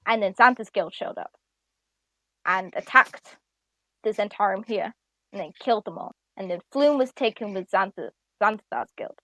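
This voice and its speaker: A woman's voice: mid-range voice, normal speed, bright, forceful tone, no room sound. A woman running a tabletop game as dungeon master, narrating hesitantly with fillers and laughs.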